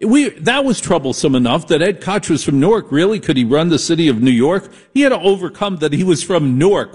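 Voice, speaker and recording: A man's voice: on the high side, lively intonation, brisk, few pauses, darkish tone, husky. A man from the Northeastern United States hosting a late-night radio call-in show, brash, sarcastic and combative. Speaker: radio talk show host.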